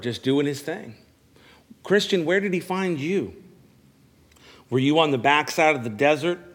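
Male pastor, fairly high voice, preaching to a congregation; repeats phrases, stammers a little on restarts. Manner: preaching with call-and-response questions. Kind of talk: sermon. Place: church service.

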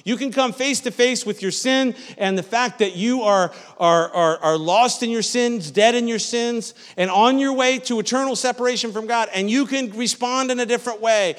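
A male pastor preaches with a high voice, his words ringing out across a reverberant church sanctuary. His delivery is conversational, and he keeps checking in with the congregation with "Amen?" and doubles back on his phrases. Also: moderate pace, hardly any pauses, fairly bright tone. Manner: repeats and restarts phrases. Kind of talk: sermon.

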